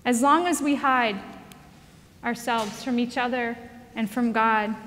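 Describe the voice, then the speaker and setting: A woman giving a conversational sermon, telling a story in a lively way and laughing along as she goes. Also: fairly high pitch, slow pace, long pauses, big-room sound. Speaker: speaker.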